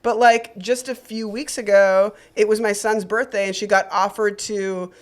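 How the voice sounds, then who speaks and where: Animated, swearing woman podcast co-host. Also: medium pitch, normal speed. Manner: animated, swears freely, laughs a lot. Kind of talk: casual chat.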